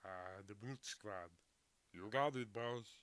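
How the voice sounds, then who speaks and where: A man voicing a huge, slow-witted gentle giant henchman with a put-on French accent, drawling and heavy. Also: on the low side, clear, resonant tone, no room sound. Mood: dopey. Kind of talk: impression during a drawing livestream.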